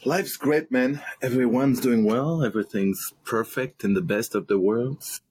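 A man's voice: medium pitch, a little slow, darkish tone, a little hiss or hum. A man as a podcast guest, apologetic and self-deprecating. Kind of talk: casual podcast chat.

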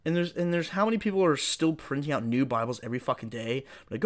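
A man hosting a solo podcast, talking in a rambling, profane, excitable way. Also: medium pitch, fast, hardly any pauses. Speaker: podcast host.

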